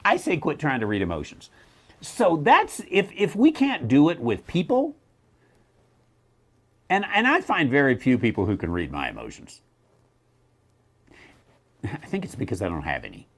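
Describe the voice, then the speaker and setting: A man hosting a Bible question show, talking in a blunt, wry way, with quick self-mocking laughs and mocking asides. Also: mid-range voice, huge pitch swings, slightly rough. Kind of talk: casual teaching talk.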